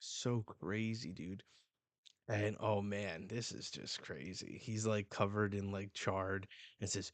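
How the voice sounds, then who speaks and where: A man hosting a casual live reaction to a comic chapter. He sounds excitable and slangy, and often breaks off mid-phrase. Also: fairly low pitch, takes it slowly, no echo. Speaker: manga reaction host.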